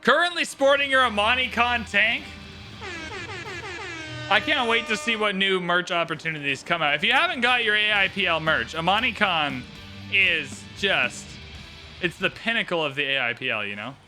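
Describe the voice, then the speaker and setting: A man's voice: high voice, lively intonation, normal speed, sharp tone. A man giving casual, joking commentary on a game during a livestream, chatting with playful asides. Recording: game music behind.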